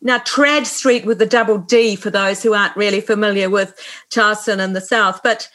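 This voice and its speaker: A woman hosting an interview, asking measured, thoughtful questions with light laughter. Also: medium pitch, steady tone, a bit bright. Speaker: podcast host.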